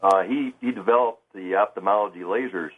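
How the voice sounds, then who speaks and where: Hesitant male caller on a phone line. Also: fairly low pitch. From Michigan. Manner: hesitant, halting. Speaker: radio show caller.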